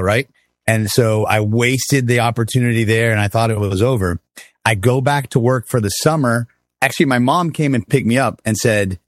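A middle-aged man from Miami telling stories as a guest in a casual interview, talking in an animated way with lots of fillers and restarts. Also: medium pitch, no echo, clean studio sound. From Miami, Florida.

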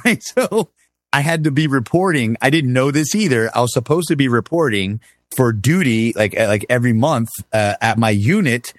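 Man in his fifties spinning war stories, voice jumps way up and down when he does other people, dry close mic, mid pitched. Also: normal speed, no echo. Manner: animated, acts out quoted voices with big pitch swings. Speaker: guest, army veteran. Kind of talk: casual storytelling in a conversation.

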